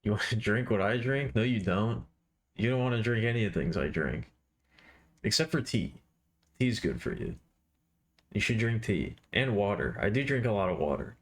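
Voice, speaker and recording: A man's voice: fairly low pitch, animated, moderate pace. Laid-back man chatting on a stream. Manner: rambling, playful, chatting with viewers. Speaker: art streamer. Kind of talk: casual live-stream chat.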